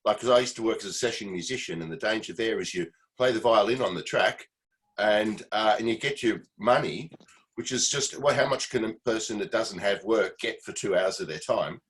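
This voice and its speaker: A man's voice: lowish voice, brisk, poor audio. A man on a video call, giving rambling advice as a meeting participant. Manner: rambling, advisory. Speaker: meeting participant, former session musician. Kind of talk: casual video-call chat.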